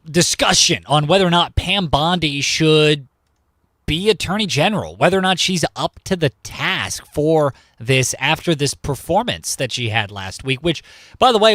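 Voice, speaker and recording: A man hosts a morning news talk show, chatting casually with his co-hosts between clips. His voice sits a bit high, and the studio sound is close and dry. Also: a bit bright, no room sound. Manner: conversational, reads listener prompts. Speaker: radio news host. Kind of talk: casual talk radio chat.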